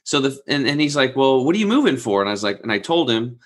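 A man's voice: medium pitch, sing-song, fast. A man in his forties telling a long personal story in casual conversation, acting out the people he quotes and swearing freely. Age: 40s. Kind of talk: casual podcast chat.

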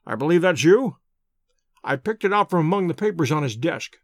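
A man voicing a shrewd, calm male detective who speaks in measured, courteous and gently ironic tones in an audiobook. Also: a little high, dry recording, clean studio sound, close to an everyday voice. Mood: pressing.

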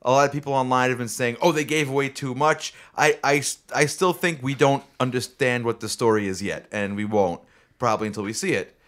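A man hosting a casual chat, loose and relaxed, often restarting his sentences and swearing offhand. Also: medium pitch, brisk. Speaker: podcast host.

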